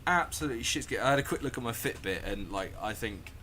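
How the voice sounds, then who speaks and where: A man telling a story casually, animated and sweary, often laughing and acting out the scenes. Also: mid-range voice, quick pace, heavy background noise.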